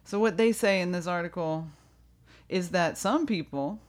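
A woman's voice: lowish voice, moderate pace. A woman co-hosting a casual podcast chat, talkative and playful, laughing often. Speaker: podcast co-host.

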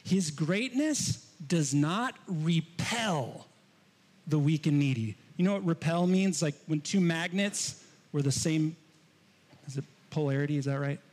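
High-voiced preacher in a reverberant hall. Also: male voice, unhurried. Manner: animated, swings between loud emphasis and hushed asides. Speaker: pastor. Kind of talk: sermon.

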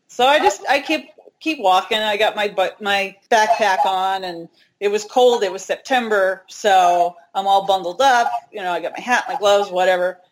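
A middle-aged woman guest in a casual interview, telling lively stories about hiking and acting out what people said. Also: medium pitch, normal speed, slight background noise. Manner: animated, acts out quoted dialogue.

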